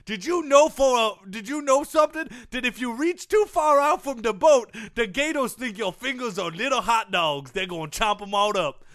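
A man playing a swamp tour guide in a comedy sketch, with a high, bright voice and a thick put-on Cajun drawl. He rambles with folksy bravado. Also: lively intonation, moderate pace, few pauses. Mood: rambling. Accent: put-on Cajun (Louisiana). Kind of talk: improvised sports-radio comedy bit.

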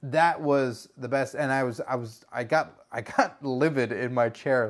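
A man telling a story on a podcast in a casual, animated way, swearing freely and breaking into loud exclamations. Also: medium pitch, unhurried, few pauses.

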